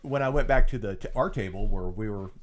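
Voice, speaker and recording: A tired man co-hosting a clown web show, telling goofy, animated stories in casual banter. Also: fairly low pitch, brisk. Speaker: co-host, clown.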